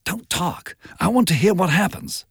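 A man's voice: high-pitched, expressive, moderate pace, vocal fry, husky, no room sound, studio quality, voice pushed up, heavily acted. A man reading aloud, voicing a bored, aloof young sportswoman with a languid, superior manner. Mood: urgent.

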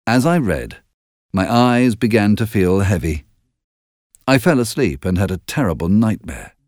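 Slow, expressive male storyteller. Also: on the low side, no room sound, studio quality. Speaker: narrator. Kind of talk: scripted audiobook narration.

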